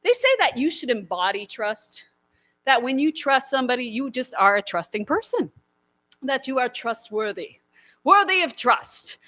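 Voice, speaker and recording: A woman's voice: high voice, lively intonation, normal speed, sharp tone, no echo. A woman doing a stand-up routine, brash and punchy in her delivery. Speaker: stand-up comedian.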